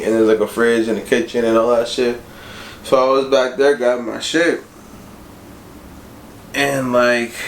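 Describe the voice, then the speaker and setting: A young man telling a casual storytime about his job, slangy and profane, leaning on "bro" and "like". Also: medium pitch. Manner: slangy, profane, laid-back, fillers like "bro" and "like". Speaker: vlogger. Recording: roomy echo with faint noise.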